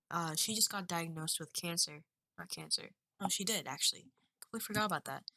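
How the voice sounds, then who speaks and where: A woman's voice: lowish voice, sharp tone, dry recording, rough recording. A woman in her twenties talking candidly into a webcam at home, rambling and emotional in a confessional vlog. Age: 20s. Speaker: vlogger.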